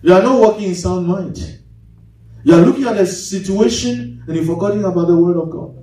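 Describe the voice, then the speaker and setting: A man preaching a sermon as pastor, swinging his pitch sharply and mimicking congregants. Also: a little fast, mellow. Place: large church hall. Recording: echoey hall, mic at a distance.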